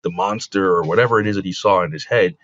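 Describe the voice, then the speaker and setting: A man, a comic book creator, telling stories casually in an interview, full of fillers and quick laughs. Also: sits low, fairly bright tone, no echo. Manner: rambling, with many fillers like "like" and "you know". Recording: dull lo-fi dry recording.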